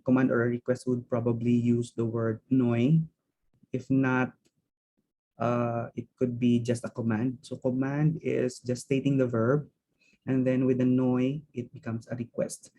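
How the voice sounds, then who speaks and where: A man's voice: mid-range voice, mellow, a little hiss or hum, poor audio. A man teaching a language lesson, explaining grammar step by step in a methodical way and repeating words as he thinks.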